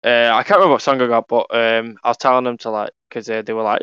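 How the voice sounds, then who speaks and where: A man in casual podcast chat, jokey and sweary, telling lively stories. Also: medium pitch, very fast, clean tone, dry recording, lo-fi sound. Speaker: podcast co-host.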